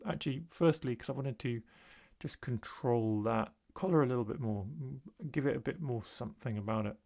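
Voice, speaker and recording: Narrating his painting demonstration, this male art tutor speaks a bit quickly in a gravelly, mid-range voice. The voice-over is easygoing and casual, full of fillers as he thinks out loud.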